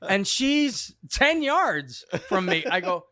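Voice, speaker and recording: A comedian tells a comic story in an unhurried, drawn-out way, often breaking into laughter. His voice is bright and forward, and the recording is dry and close. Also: extremely high pitch, no echo. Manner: animated, laughs through his telling. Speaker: comedian guest. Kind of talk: comic storytelling in podcast chat. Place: backstage at a comedy theatre.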